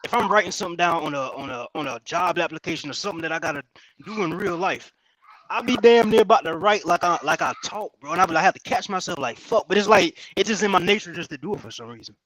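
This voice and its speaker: Animated South Carolina man, higher voice. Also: quick pace, rough recording. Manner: animated, swearing, restarts often. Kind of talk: casual chat.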